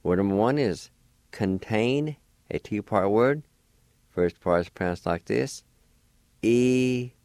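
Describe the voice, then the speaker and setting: Slow, careful male language teacher. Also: fairly low pitch, lively intonation, a little mellow, no echo, clean studio sound. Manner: slow, careful syllable-by-syllable pronunciation; encouraging. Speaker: radio host and language teacher. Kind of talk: radio language lesson.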